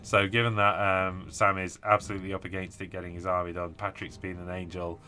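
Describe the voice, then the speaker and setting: A man's voice: deep voice, level tone, a little fast, bright, forceful tone. A British man hosting a live stream about tabletop wargaming, chatting casually and enthusiastically with many fillers while tired from little sleep.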